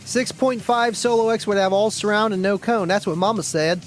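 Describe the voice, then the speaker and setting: A man hosting a casual live stream, chatting in a rambling, friendly way, reading viewer comments aloud and often clearing his throat. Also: sits high, moderate pace, soft background music, low-quality recording.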